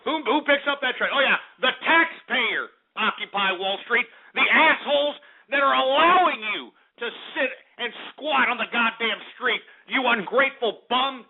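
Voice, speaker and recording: A man's voice: extremely high pitch, moderate pace, hardly any pauses. A man hosting a talk radio show, ranting angrily and cursing at his targets. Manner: profane, furious, shouting insults. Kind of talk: angry talk radio rant. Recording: tinny phone-like radio broadcast.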